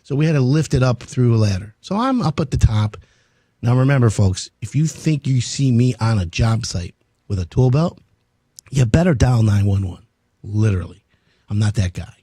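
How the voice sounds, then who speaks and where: A man's voice: mid-range voice, animated, normal speed, dark tone, husky, no echo. A male radio host talking casually on air, telling jokey stories and taking listener questions from a studio. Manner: chatty, storytelling, jokey. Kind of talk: casual talk radio chat.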